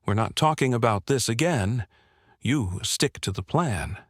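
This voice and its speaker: A man's voice: mid-range voice, expressive, a little slow, dry recording, studio quality. A man reading the lines of a scheming older male colonel, clipped and terse. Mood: curt.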